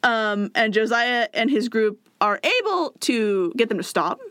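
A woman's voice: on the high side, lively intonation, measured pace, a bit bright, clear, resonant tone, dry recording, clean studio sound. A young woman co-hosting a podcast, retelling a tabletop campaign in a chatty way, with many fillers and acted asides. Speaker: podcast co-host. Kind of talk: casual chat retelling a campaign story.

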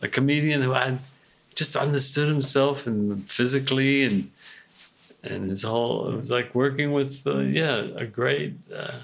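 A man's voice: medium pitch, measured pace, creaky. Older man telling rambling showbiz stories. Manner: rambling, animated, with frequent restarts. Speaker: actor guest. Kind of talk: casual anecdotal storytelling.

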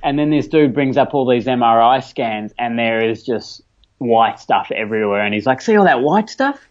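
Australian man, animated storyteller, casual chat, mid-pitched, slightly dull lo-fi sound. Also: normal speed. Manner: animated, acts out quoted voices, laughs often.

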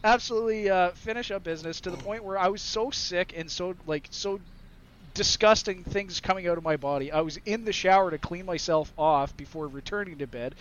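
A man's voice: high voice, brisk, a bit bright, dull audio, slight background noise. A man telling a crude story in a casual podcast chat, laughing between lines. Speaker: podcast guest.

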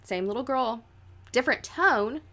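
A woman's voice: on the high side, lively intonation, moderate pace, sharp tone. Young woman, podcast co-host, chatty ghost-story telling, lots of fillers. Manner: chatty, many "like" fillers, dramatic quoted voices.

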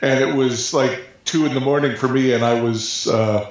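A man's voice: medium pitch, fairly even intonation, normal speed. A man, a podcast guest on a call, talking with wry, dry humor. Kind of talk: casual chat over a call. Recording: echoey dull call audio.

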